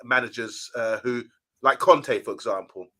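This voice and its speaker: Male co-host, bright ringing tone, chatty, reads out viewer comments on a live stream. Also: mid-range voice, moderate pace. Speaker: co-host of a fan channel live show. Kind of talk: casual live-stream chat.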